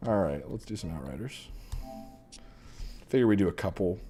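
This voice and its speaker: A man's voice: low voice, lively intonation, normal speed, pauses often, dark tone, soft background music. A man hosting a casual gaming livestream, chatting in an easygoing, rambling way with lots of fillers. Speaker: streamer host.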